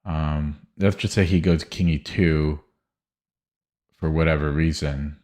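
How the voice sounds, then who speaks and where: Low-voiced male streamer, hesitant self-talk over chess puzzles, lots of ums and restarts. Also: steady tone, takes it slowly, a little mellow. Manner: hesitant, muttering, many fillers and restarts. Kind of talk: thinking aloud while solving chess puzzles.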